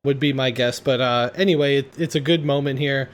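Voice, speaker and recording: A man's voice: medium pitch, steady tone, a little fast. A man hosting a casual podcast, retelling a comedy film scene by scene and laughing often. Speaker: podcast host.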